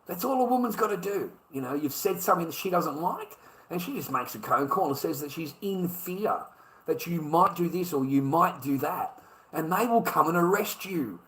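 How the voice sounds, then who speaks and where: A man's voice: on the high side, lively intonation, moderate pace, a bit bright, low-quality recording. A man with an Australian accent in a profane, repetitive monologue, stammering as he restarts his sentences. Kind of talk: ranting monologue.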